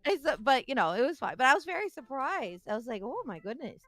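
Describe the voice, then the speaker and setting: A woman's voice: sits high, fast talker, dry recording. A young woman hosting a stream, telling a story in casual chat and acting out the people she quotes. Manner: animated storytelling, acts out quotes. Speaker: streamer host.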